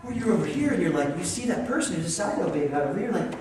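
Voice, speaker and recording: A man in his forties preaching a sermon, animated and acting out quoted voices as he goes. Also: high-pitched, rapid-fire, a little hiss or hum. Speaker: pastor. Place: church sanctuary. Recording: echoey church hall mic from a distance.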